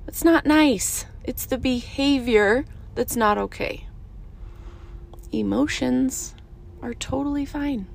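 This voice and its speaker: Woman, thirties, podcast host; slightly high, emphatic, repeats her points. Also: slow, creaky. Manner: earnest, emphatic, repeats short phrases. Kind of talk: casual motivational monologue.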